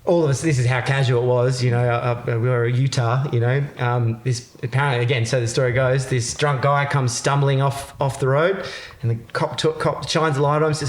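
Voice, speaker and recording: A man's voice: mid-range voice, fairly even intonation, fairly quick, few pauses. Australian man, casual storyteller, loose rambling delivery, roomy echo. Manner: laughs through his stories, loose and rambling. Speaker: guest. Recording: echoey room.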